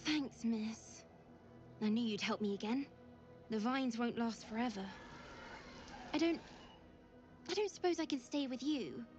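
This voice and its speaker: A woman's voice: fairly high pitch, measured pace, long pauses, a little mellow, faint music behind, lightly acted. A woman voicing an earnest, hopeful orphaned young girl in a video game, with folksy, rustic speech. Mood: pleading. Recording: dull game audio capture.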